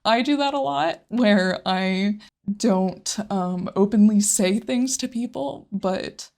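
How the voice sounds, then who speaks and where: A woman's voice: medium pitch, slow pace, creaky, a little mellow. A woman co-hosting a casual podcast, talking thoughtfully about a game, often laughing and openly getting emotional. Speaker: podcast co-host.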